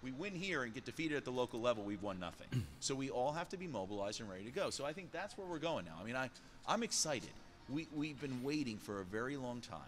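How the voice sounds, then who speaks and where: Animated podcast guest, bright, lively delivery, slight background noise. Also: male voice, medium pitch, fast. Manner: animated, repeats words when emphatic. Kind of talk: podcast conversation.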